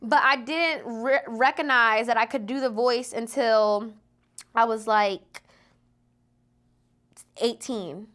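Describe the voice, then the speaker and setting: Chatty young woman, slightly high voice. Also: takes it slowly, long pauses, fairly bright tone. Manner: chatty, many "like" fillers, laughing storyteller. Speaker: guest, content creator. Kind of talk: casual podcast chat.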